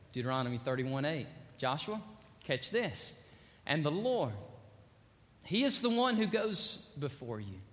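A pastor preaching a sermon in a large church, quoting scripture with a preacher's rising cadence. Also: male voice, on the high side, fairly bright tone. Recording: church reverb.

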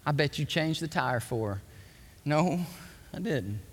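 Animated preacher man in a reverberant hall. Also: on the high side, breathy edge. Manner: animated preaching, loud exclamations and quick drops to asides. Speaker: pastor. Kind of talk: sermon.

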